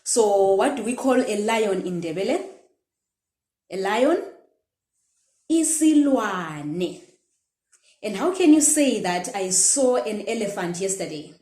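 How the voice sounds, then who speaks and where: A woman teaching a language lesson with slow, careful pronunciation drills. Her voice is mellow and unhurried, recorded in an echoey room. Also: mid-range voice, expressive.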